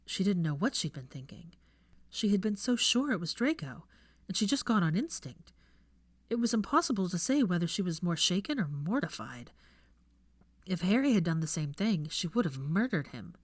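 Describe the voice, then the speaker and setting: Woman narrator, fan fiction audiobook, fairly low hushed voice, dry. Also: sing-song, moderate pace, no room sound.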